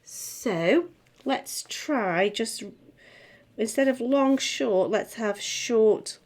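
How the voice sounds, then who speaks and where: A middle-aged woman teaching music theory, chatting as she writes and sounding out words slowly. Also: on the high side, a little mellow. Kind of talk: tutorial, talking while writing.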